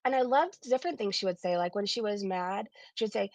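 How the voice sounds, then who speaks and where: A woman's voice: medium pitch, expressive, fast, no echo. A woman hosting a casual livestream, rambling with lots of fillers and frequent laughs. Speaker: livestream host.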